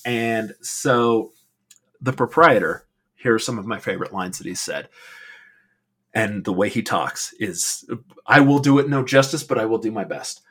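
A man's voice: lowish voice, normal speed, fairly bright tone, husky. A male podcast co-host telling a rambling story in casual chat, swearing freely and filling gaps with ums.

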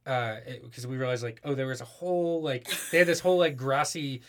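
A man's voice: medium pitch, steady tone, a little fast. Rambling man telling a road story. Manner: rambling storyteller, many "like" and "um" fillers. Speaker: musician guest. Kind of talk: casual chat.

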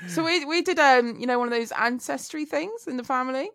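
A woman's voice: high voice, fairly quick, vocal fry, a little hiss or hum. A woman co-hosting a casual podcast, telling stories with tag questions and frequent laughs. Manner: chatty storyteller, laughs often, trailing tag questions. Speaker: podcast co-host. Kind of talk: casual chat.

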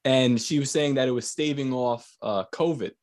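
A man's voice: medium pitch, normal speed, a little mellow. A man hosting a podcast, telling stories in a casual, crude way and laughing often. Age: adult with young kids. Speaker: podcast host. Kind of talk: casual chat.

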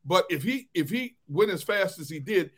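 A middle-aged man co-hosting a sports talk show, telling relaxed stories and chuckling often. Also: high voice, moderate pace, breathy edge. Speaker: sports radio co-host. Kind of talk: casual chat.

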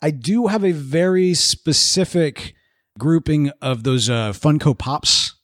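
A man hosting a podcast, talking in a casual, animated way with lots of fillers. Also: on the high side, slow pace, no echo, clean studio sound. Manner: animated, rambling with many fillers. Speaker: podcast host. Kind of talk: casual chat.

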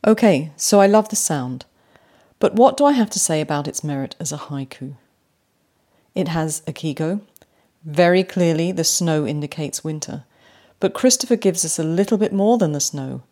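A woman hosting a poetry podcast, speaking with warm enthusiasm and slowing down to savour lines read aloud. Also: deep voice. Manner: animated, slows right down to read poems aloud. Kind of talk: podcast commentary on haiku.

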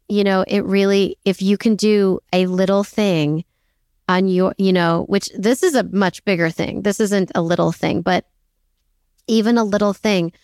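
A woman's voice: mid-range voice, darkish tone, no echo, studio quality. A woman co-hosting a podcast in casual chat, chatty and self-deprecating with many fillers. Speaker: podcast co-host.

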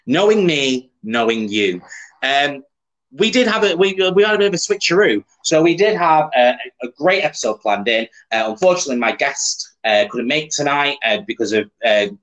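A man's voice: medium pitch, lively intonation, normal speed, fairly bright tone, poor audio. A man hosting a live-streamed chat show, chatty and playful, reading viewer comments aloud. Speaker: host.

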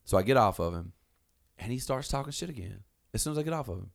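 A man's voice: medium pitch, quick pace, vocal fry. A man casually telling a rowdy story, swearing and acting out what people said in raised voices. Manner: animated, swearing, acts out quotes in raised voices. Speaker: storyteller guest.

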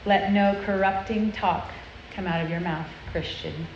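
A woman's voice: mid-range voice, fairly even intonation, a little slow, a little mellow, slight background noise. Earnest woman preaching in a roomy hall. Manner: earnest, confessional, conversational, with tag questions. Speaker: speaker at a girls' church event. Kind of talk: sermon. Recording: roomy, muffled sound with faint ambience.

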